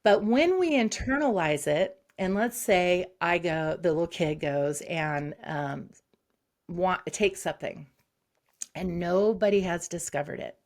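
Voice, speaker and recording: A woman psychologist, a guest on an interview show, who explains concepts briskly and acts out short examples. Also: lowish voice, a little mellow. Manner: explains quickly with acted-out examples.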